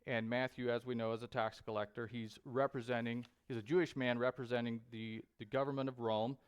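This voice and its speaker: A man preaching a sermon in a church, speaking deliberately with frequent pauses and fillers. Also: medium pitch, little pitch movement, clean tone. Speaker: pastor. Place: church sanctuary.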